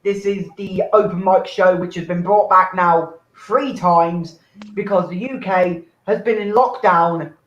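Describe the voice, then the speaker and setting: Captured on a roomy, dull home mic with faint background noise, this is a male host of an online comedy show bantering casually on a live stream, swearing and poking fun at himself. His high voice is a bit bright, with fairly even intonation and a measured pace.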